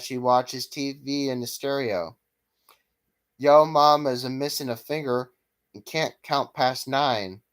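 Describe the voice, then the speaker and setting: A man's voice: medium pitch, smooth. Man reading a string of jokes. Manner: steady reading cadence, occasional stumbles. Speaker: vlogger.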